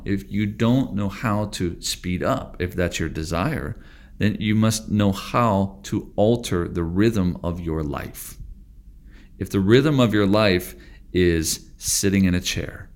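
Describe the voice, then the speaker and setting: A man teaching Tai Chi in a calm, deliberate monologue, slowing and stretching his words for emphasis. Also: low-pitched.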